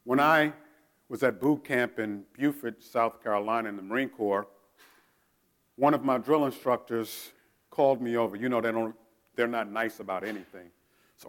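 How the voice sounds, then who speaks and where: A middle-aged male pastor preaching a sermon. He moves from a quiet prayer into lively storytelling and calls out loud military commands. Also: mid-range voice. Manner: prays softly, then tells stories with shouted drill commands.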